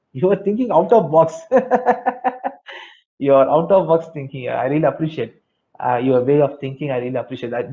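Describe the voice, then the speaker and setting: A fairly high-voiced man leads an online training session. He talks in an animated way and says key phrases over and over. The sound is dull and lo-fi, like webinar audio. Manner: lively, reads chat answers aloud, repeats key phrases. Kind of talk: interactive online lecture.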